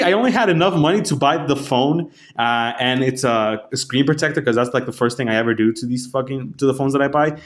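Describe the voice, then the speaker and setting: Rambling, profane man telling a story. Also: medium pitch. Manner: rambling, profane, halting restarts. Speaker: vlogger. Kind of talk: casual storytelling.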